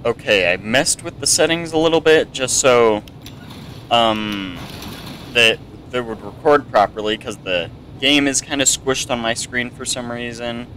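A young gameplay streamer gives casual let's-play commentary in an unhurried, medium-pitched voice, mumbly and hesitant with plenty of ums. Now and then he yelps up into panicked "no-no-no"s. He's on a desk mic with webcam, and the background is noisy.

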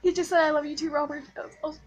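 A young woman casually vlogging to her channel, gushing and excitable like an overjoyed fan. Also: high voice, fast, faint music behind. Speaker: YouTuber. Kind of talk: casual vlog chat.

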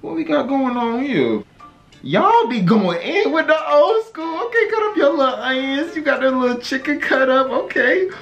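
A vlogger from North Carolina, with a North Carolina accent, reacting loudly and excitedly to cooking videos, often exclaiming and breaking into song. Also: high-pitched, normal speed, highs cut off, soft background music. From North Carolina, USA. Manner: loud, exclaiming, breaks into singing and shouts.

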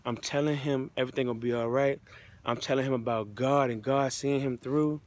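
Here a motivational speaker from the U.S. recounts his life story with easygoing warmth and plenty of slang. His mid-range voice is brisk, and his intonation stays fairly even.

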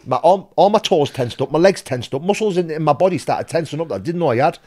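A man's voice: a little high, lively intonation, fast, dark tone. A young man with a Northern English accent, telling a wild story as a podcast guest, swearing, laughing and repeating his words. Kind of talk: casual storytelling.

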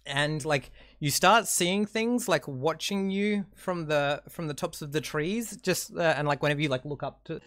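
A man's voice: a little high, normal speed, few pauses, a bit bright, no room sound, studio quality. Hesitant man running a game. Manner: hesitant, full of fillers and restarts. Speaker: game master. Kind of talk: narrating a tabletop game.

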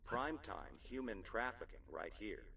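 A man voicing a sarcastic, gravelly game taunter. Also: fairly low pitch, big pitch swings, unhurried, bright, forceful tone, slight background noise, full character voice. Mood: mocking. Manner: mocking, dry sarcasm. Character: sarcastic male game-master voice taunting players. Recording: distant, muffled game audio.

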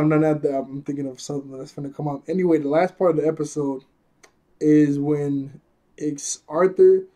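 Chatty, rambling man with a mellow voice. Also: fairly high pitch. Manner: rambling, chuckles often, corrects himself. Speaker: anime episode reviewer. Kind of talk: casual episode recap.

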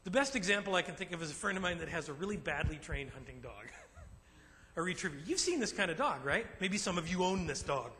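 A high, bright-voiced man preaching a sermon with emphatic, animated delivery and acted asides. His voice rings with the long reverb of a large church hall. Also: a little fast, a little hiss or hum. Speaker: pastor. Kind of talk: sermon to a men's group.

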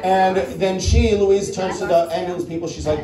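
Over loud music, a high-pitched man speaks at a moderate pace in a steady tone, barely pausing. He's a stand-up comic from the Netherlands with an American accent, chatting through a long story and tacking "right?" onto lines, captured from afar in an echoey venue with a laughing crowd.

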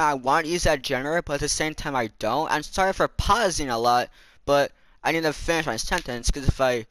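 A man's voice: a little high, fairly bright tone, a little hiss or hum. A young man giving rambling horror game commentary, swearing and jumpy, with lots of filler words. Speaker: gamer.

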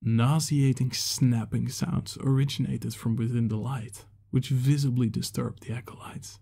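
A man narrates a fantasy short story in a steady, measured way. His voice is gravelly and mellow, with a husky edge. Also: medium pitch. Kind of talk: scripted narration.

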